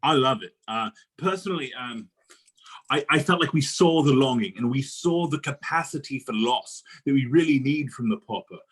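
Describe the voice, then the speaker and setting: A man's voice: medium pitch, expressive, normal speed, slightly rough, low-quality recording. A man in an improv comedy scene playing a hesitant, politely fussy male casting director. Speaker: improv performer.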